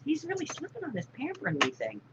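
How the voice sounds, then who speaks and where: A woman hosting a casual live-stream chat, laughing loudly and often. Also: high-pitched, fast talker, muffled recording, very noisy. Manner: loud laughing, animated. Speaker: host.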